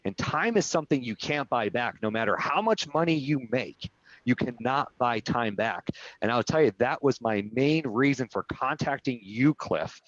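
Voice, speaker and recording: A man's voice: mid-range voice, fairly bright tone, no echo. A man being interviewed on a live video call, telling a personal story in an earnest way and often asking "right?". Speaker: real estate brokerage executive, guest. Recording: dull lo-fi sound, dry.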